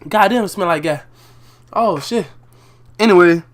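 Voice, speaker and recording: A young man casually telling a school storytime over gameplay, animated and profane, full of street slang, acting out the other people's lines. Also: high-pitched, normal speed, long pauses.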